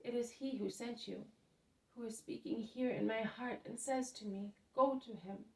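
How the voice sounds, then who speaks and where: A woman's voice: fairly high pitch, steady tone, normal speed, lightly acted. A woman voicing an earnest, devoted young man who pleads to follow his cousin, in a storybook reading. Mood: pleading. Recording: roomy echo, mic at a distance.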